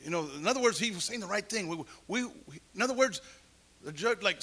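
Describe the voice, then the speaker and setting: A man preaching a testimony, telling his story and acting out the people in it, at times rising to shouts. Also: high voice, lively intonation, quick pace, creaky, slightly rough. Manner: storytelling, acts out voices, builds to shouts. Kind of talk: sermon testimony.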